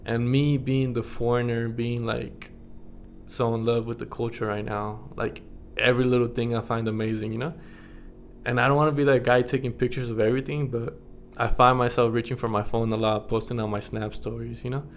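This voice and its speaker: A man's voice: mid-range voice, flat delivery, a little fast, a little hiss or hum. A young man from the United States talking casually to his camera in a rambling vlog, full of fillers and frequent chuckles. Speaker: vlogger.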